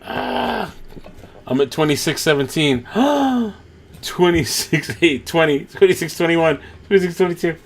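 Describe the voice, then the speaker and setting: A man hosting a live watch-along stream, reacting with excitement, gasps and laughter. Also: on the high side. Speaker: livestream host.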